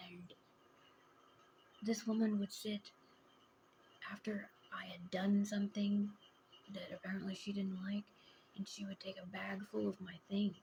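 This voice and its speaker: A middle-aged woman with a gravelly, creaky voice speaks in a confessional vlog. She talks raw and emotional, halting, and often drops to a hushed tone, with a faint hiss behind her. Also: medium pitch, rough recording. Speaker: vlogger.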